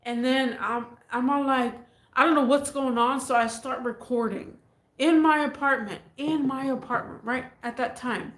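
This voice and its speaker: A woman's voice: high voice, steady tone, moderate pace, a bit bright. A woman telling a casual storytime vlog, rambling and repeating herself as she goes, in an echoey room. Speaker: vlogger.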